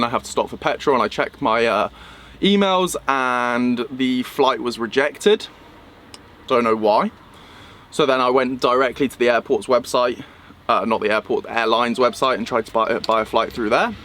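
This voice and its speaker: A young man from England recounting a travel mishap in a vlog, animated and acting out the people he met. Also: mid-range voice. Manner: animated retelling, acting out quoted voices. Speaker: vlogger. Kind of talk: storytelling vlog.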